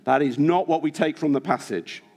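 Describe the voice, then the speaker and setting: A man's voice: a little high, moderate pace, vocal fry, a little mellow. A man preaching a sermon in church, earnest and exhorting, with many rhetorical questions. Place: church hall.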